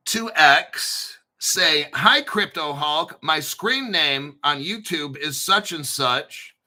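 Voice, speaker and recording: High, bright, and forceful, this man's voice carries his casual, unscripted livestream as he hosts a crypto channel. He speaks off the cuff, bragging bluntly and swearing throughout.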